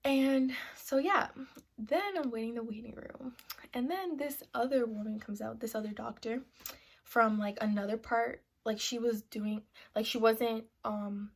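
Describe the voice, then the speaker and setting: A young woman vlogger telling a personal story in a casual sit-down style, filling her talk with "like" and "you know" and sometimes dropping to a hushed half-whisper. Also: on the high side, measured pace. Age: young adult. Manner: chatty, full of "like" and "you know" fillers. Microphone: camera mic, seated to camera.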